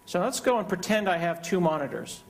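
A man's voice: high-pitched, fairly quick. Joking man giving a keynote demo. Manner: joking, conversational. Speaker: keynote speaker. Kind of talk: live software demo presentation.

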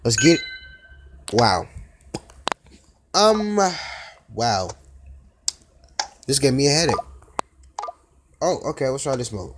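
A man talks through mobile gameplay, quick to exclaim and groan at every try. The phone recording has clear background noise and tapping clicks. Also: on the low side, lively intonation. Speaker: gaming YouTuber. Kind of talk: casual mobile gameplay commentary.

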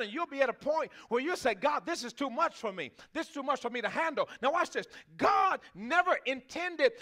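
Preaching from the pulpit, this man from Texas has a very high-pitched voice that's bright and forceful. His sermon feels like a conversation, with frequent questions for the congregation and plenty of laughter.

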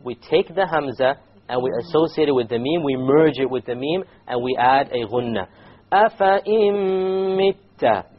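A man teaching a recitation class, patiently repeating points, quizzing the students and slowly demonstrating words. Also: mid-range voice, breathy edge, highs cut off.

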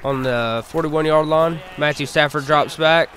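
A man giving casual play-by-play commentary over his own video game, calling each play like a sportscaster with relaxed fillers in between. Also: fairly high pitch, unhurried, slight background noise.

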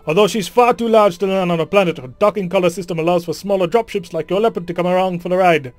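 A man plays a chatty, proud woman engineer with a wobbly put-on accent. The voice is high and dry, and faint music sits behind it. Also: fast talker, dry recording, close to an everyday voice. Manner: attempted accent, awkward.

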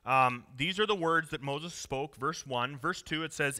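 A pastor delivers a sermon in an easy, joking, emphatic way. His voice sits a little high and sounds bright and forceful. Long reverb from the church hall trails each phrase. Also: measured pace, hardly any pauses.

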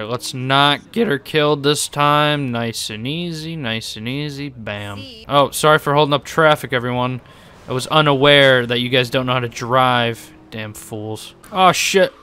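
A young man giving excitable gaming commentary, swearing, laughing and making sarcastic remarks as he plays. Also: mid-range voice, clean tone. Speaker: gaming YouTuber.

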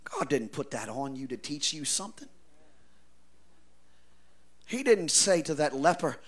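A man preaching a revival sermon, swinging from quiet asides to shouted declarations, with a folksy preacher's cadence. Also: on the high side, big pitch swings, unhurried, long pauses, slightly rough. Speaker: pastor.

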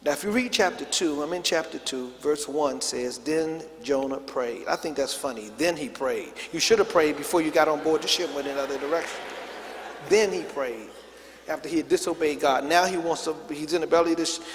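Fast and with hardly any pauses, a man with a fairly high-pitched voice delivers a sermon as pastor. He leads call-and-response, asking the congregation to repeat his words and reply. A little hiss or hum sits under the long reverb of the large church sanctuary.

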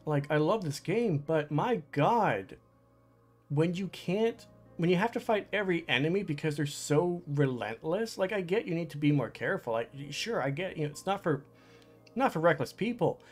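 Exasperated higher-voiced man narrating his gameplay. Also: lively intonation, normal speed, soft background music. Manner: frustrated, exclamatory, talks to himself while playing. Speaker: gaming channel host. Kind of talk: let's play commentary.

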